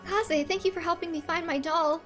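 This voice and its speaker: A woman's voice: very high voice, fairly even intonation, a little fast, music in the background. A woman voicing a shy, easily flustered young princess in a game scene.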